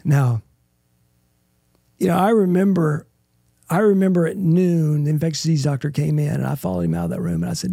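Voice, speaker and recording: Gravelly, husky man telling his story. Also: a little high, lively intonation, mellow, dry recording, studio quality. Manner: earnest, halting storytelling with restarts. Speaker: interview guest. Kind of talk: emotional personal testimony.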